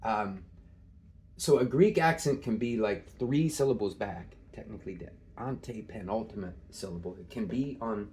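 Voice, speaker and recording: A man's voice: fairly low pitch, normal speed, a little mellow. A man teaching Greek in a casual, thinking-aloud way, with many fillers and small laughs. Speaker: Greek tutor. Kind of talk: informal screen-share lesson.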